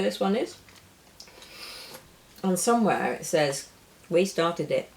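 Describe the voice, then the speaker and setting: Brief: low-pitched woman, casual co-host, rambling and chatty. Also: animated, slow, creaky, pauses often. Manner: chatty, rambling, stumbles reading French aloud. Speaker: perfumer and co-host. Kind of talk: casual tasting chat.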